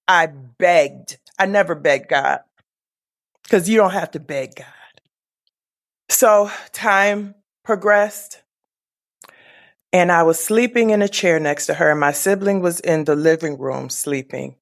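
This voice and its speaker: A woman guest telling a deeply personal story, slowly and tenderly, with soft hushed moments and a reflective manner. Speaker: podcast guest.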